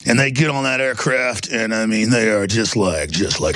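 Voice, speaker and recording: A male talk show host delivering a loud, fervent, mocking rant. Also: lowish voice, moderate pace, hardly any pauses, no room sound, studio quality. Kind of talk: ranting monologue.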